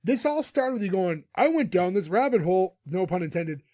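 A brisk co-host with a high, slightly mellow voice and big pitch swings chats casually about a TV episode. He laughs frequently while retelling scenes, recorded studio-clean without room sound.

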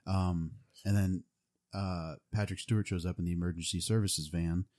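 A man's voice: low-pitched, steady tone, moderate pace, a little mellow. A young man casually retelling a movie plot, rambling with lots of fillers. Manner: rambling, full of "like" and "um".

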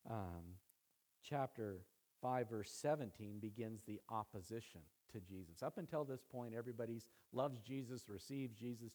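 A man preaching a sermon to his church, building emphasis through repeated phrases and easing into quiet prayer. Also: medium pitch. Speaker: pastor.

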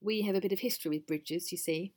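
A woman voicing a brisk, sociable mother goat who over-explains and apologises. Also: lowish voice, darkish tone, close to an everyday voice. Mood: chatty.

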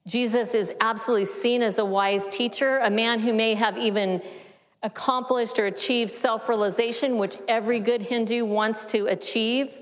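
Woman teaching in a reverberant hall. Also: fairly even intonation. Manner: measured, explanatory, drops to a soft low at phrase ends. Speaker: church teacher. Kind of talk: sermon teaching.

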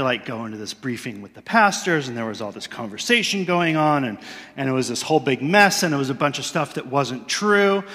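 A man delivers a sermon with a conversational, candid touch, often laughing at himself. His tone is bright and forceful. The sound rings with the long reverb of a large hall. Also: fairly high pitch. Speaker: pastor. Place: church sanctuary.

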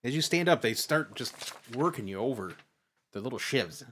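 A man acting as game master, narrating a tabletop game with animated energy and frequent laughter. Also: mid-range voice, normal speed, a little hiss or hum.

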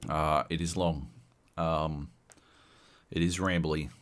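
His very deep voice moves slowly as he co-hosts an informal podcast, ranting with plenty of profanity and animation.

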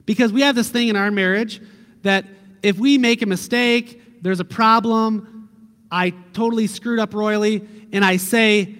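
A middle-aged man preaching a sermon as a pastor, earnest and conversational, ending with a quiet prayer. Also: sits high, moderate pace, big-room sound.

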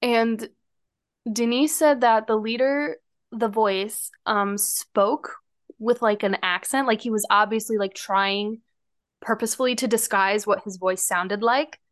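A woman's voice: fairly high pitch, fairly even intonation, a little slow. A woman podcast co-host casually retelling a true-crime story with lots of fillers. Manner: retelling events with frequent fillers.

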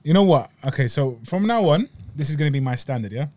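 A young man co-hosts a casual podcast, his voice sitting a little high for a man. He talks in animated, slangy bursts and laughs as he goes. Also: fast talker, no room sound. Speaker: podcast co-host. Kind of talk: casual chat reviewing desserts.

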